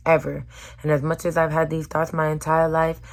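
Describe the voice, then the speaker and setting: A young woman talking earnestly to her viewers in a personal vlog, her voice hoarse from screaming, moving between loud urging and soft near-whispers. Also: low voice, completely flat delivery, moderate pace. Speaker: vlogger.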